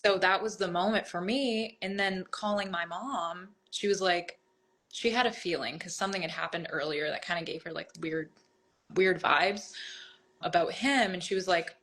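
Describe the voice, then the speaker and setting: A woman's voice: fairly low pitch, normal speed, a bit bright. Candid woman guest telling her story. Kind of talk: candid podcast conversation.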